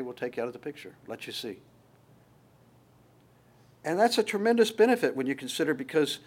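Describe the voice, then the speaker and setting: A man preaching a sermon as pastor, conversational and emphatic, often restarting his phrases. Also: medium pitch.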